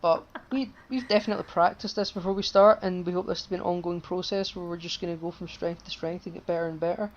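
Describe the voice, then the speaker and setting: A woman co-host on a casual podcast talks fast with hardly any pauses, her voice on the low side with fairly even intonation. She rambles, using many fillers and swearing casually. A home podcast mic with a buzz makes the audio dull and lo-fi.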